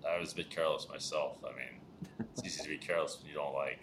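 A man interviewing a guest in a casual chat, speaking haltingly and hesitantly. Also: very deep voice, steady tone, fairly bright tone. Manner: hesitant, halting, full of restarts. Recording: faint background noise.

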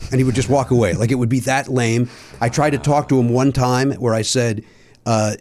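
A man, a comedian guest on a podcast, telling a long anecdote in casual chat. He is animated and profane, and acts out other people's lines. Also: mid-range voice, fairly quick. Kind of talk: casual storytelling.

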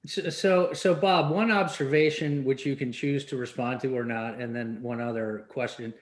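A male co-host asking a guest a thoughtful, measured question in a casual podcast. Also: mid-range voice, steady tone, echoey room.

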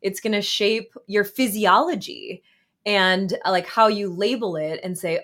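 A woman in her thirties, a therapist and author, talking as a guest in a casual interview, reflective, with frequent fillers and soft laughs. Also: mid-range voice, a little slow.

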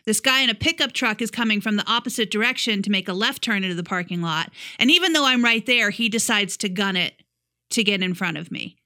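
A woman's voice: medium pitch, expressive, a little fast, pushed and bright, dry recording, clean studio sound. A woman co-hosting a podcast, telling a story bluntly in casual chat with plenty of swearing. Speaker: podcast co-host.

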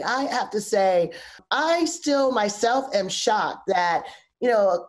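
A woman hosts a relaxed interview, her voice sitting a little high. She thinks aloud and stacks up rhetorical questions one after another. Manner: reflective, builds rhetorical questions. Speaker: podcast host. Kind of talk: conversational interview.

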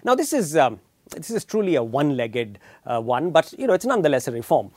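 A middle-aged man with an Indian English accent hosting an opinionated news commentary, emphatic and deliberate, with frequent filler pauses. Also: on the high side, big pitch swings, a little mellow, no echo, studio quality. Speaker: commentary show host.

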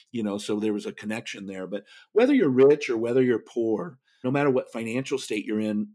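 Speaking in a fairly low, slightly mellow voice, a middle-aged author and speaker recounts stories during a podcast interview. He keeps an earnest tone but frequently chuckles partway through sentences.

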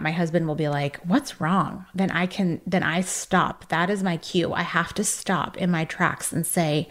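A podcast host speaks in an earnest, encouraging way, coaching her listeners through hard feelings. Her voice sits a little low for a woman. She talks directly to the listener, like a supportive friend giving practical advice. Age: adult, married. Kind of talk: motivational self-help talk.

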